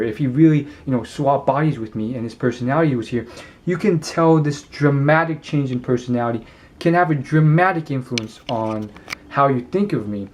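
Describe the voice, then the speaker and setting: A man in a casual vlog, speaking in a mid-range voice. He rambles and hesitates often, filling his pauses with ums as he works through his ideas. His pace picks up in quick bursts before slowing again. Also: mid-range voice, darkish tone. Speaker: vlogger. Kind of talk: casual talk to camera.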